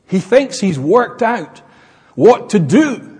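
A man's voice: sits high, very animated, slow pace, a little mellow, husky. A man preaching a sermon in an emphatic, explanatory manner, recorded in an echoey hall. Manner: emphatic, expository.

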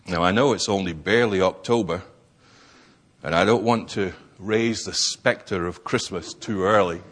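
A man's voice: sits low, normal speed, fairly bright tone. A man preaching a sermon, stressing key words and posing rhetorical questions.

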